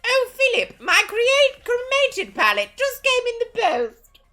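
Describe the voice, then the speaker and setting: A woman's voice: very high voice, wildly swooping pitch, bright, forceful tone, faint music behind, voice pushed up, heavily acted. A woman putting on the voice of an elderly posh queen, plummy and fussy. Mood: haughty. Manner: plummy, drawn-out complaints.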